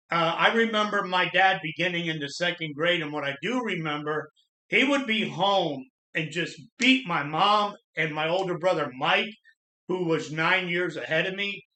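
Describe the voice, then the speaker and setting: A middle-aged man hosting his channel, earnestly telling his own life story in a plain-spoken, halting way. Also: high voice, bright, forceful tone. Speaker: channel host sharing personal trauma story. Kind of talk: personal storytelling monologue. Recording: echoey room.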